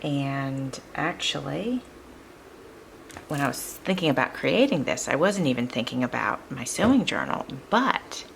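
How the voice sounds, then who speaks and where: Woman, craft tutorial host, casual chat, deep voice, faint room hiss. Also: big pitch swings, measured pace, vocal fry, low-quality recording. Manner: chatty, upbeat, laughs often while working.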